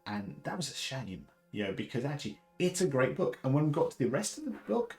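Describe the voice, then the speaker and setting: A man from the south of England with a deep baritone voice, chatting casually and rambling with many fillers and restarts. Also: sing-song, fairly quick, darkish tone, soft background music, low-quality recording. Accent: Southern English. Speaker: host. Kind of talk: casual live chat.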